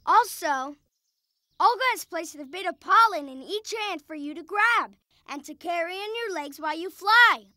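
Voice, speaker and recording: A bright, high, kindly cartoon helper. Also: female voice, lively intonation, normal speed, no echo, heavily acted. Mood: coaching. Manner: gentle, coaching and encouraging. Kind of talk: children's cartoon voice acting.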